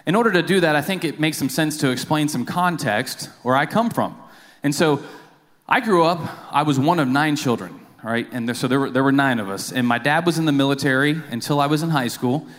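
A man's voice: fairly high pitch, a little fast, fairly bright tone. A man, a church accountant, giving a casual, self-deprecating lay sermon full of fillers and asides. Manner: informal and self-deprecating, with many fillers and restarts. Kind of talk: lay sermon with jokes and stories. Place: church sanctuary. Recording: long reverb of a church hall.

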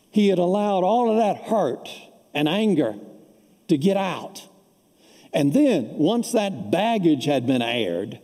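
A man's voice: fairly high pitch, mellow. A male pastor preaching a sermon, telling folksy anecdotes to make his points. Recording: long reverb of a large hall.

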